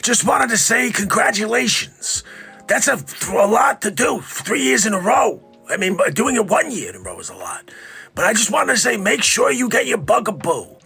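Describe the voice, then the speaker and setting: A man doing a comic impression of a raspy elderly male health official. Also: sits high, big pitch swings, normal speed, bright, forceful tone, soft background music, heavily acted. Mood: mock-official. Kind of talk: comedic celebrity impression.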